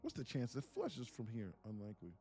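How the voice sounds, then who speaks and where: A man hosting a live day-trading stream, telling stories in a casual, animated way and muttering about the charts. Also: medium pitch, brisk, over music. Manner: animated storytelling, acts out quotes, laughs often. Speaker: livestream day trader. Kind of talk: casual livestream chat.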